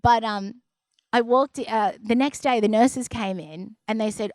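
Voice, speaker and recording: A young adult woman telling a personal story to an audience in a lively, expressive way. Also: no echo. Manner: lively, acts out others' voices in a higher pitch; quieter and slower when describing the deep experience. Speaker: speaker sharing a personal story.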